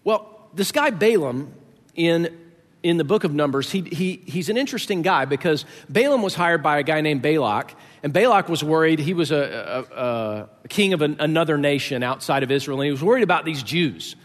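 A man's voice: a little high, animated, moderate pace. A man preaching a sermon, explaining scripture in a conversational way with joking asides to the congregation. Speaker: pastor. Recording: echoey hall.

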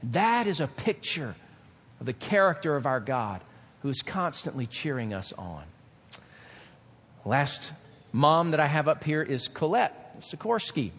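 A man preaching as pastor in a sermon, animated and preacherly. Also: fairly high pitch, measured pace, slightly rough, big-room sound.

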